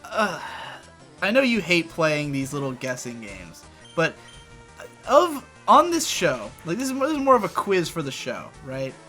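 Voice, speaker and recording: A man with a high, bright, lively voice trades dry quips in a casual co-host chat, with faint game music underneath. His pitch swings widely as he talks. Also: a little slow.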